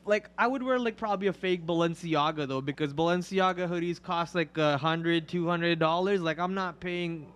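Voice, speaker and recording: A joking, bantering man co-hosting a live trading show, chatting casually about the market. His voice sits a bit higher than most men's. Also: fairly bright tone. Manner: joking, bantering, quick asides. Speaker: trading stream co-host.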